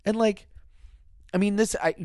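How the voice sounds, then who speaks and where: Man, casual chat, animated and laughing, fairly high voice, dry sound. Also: normal speed, dry recording. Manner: animated, laughing, mimics lines in quotes. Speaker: teacher.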